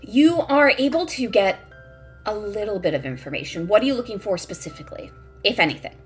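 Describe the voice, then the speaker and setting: A woman running a tabletop role-playing game as game master, lively and halting with fillers when explaining rules. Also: mid-range voice, soft background music.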